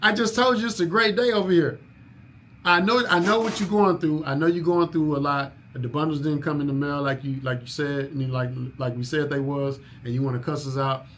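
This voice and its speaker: A man's voice: fairly high pitch, steady tone, a little fast, few pauses, a bit bright, a little hiss or hum. A man leading a staff orientation in a coaching manner, repeating his key points and asking if people follow. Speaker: business owner training new staff.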